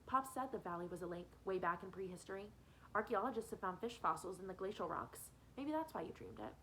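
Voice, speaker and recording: Female teacher narrating a novel, mid-pitched, light room noise, voices the characters. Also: big pitch swings, fairly quick, a bit bright, poor audio. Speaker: teacher reading aloud to students. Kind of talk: reading a novel aloud.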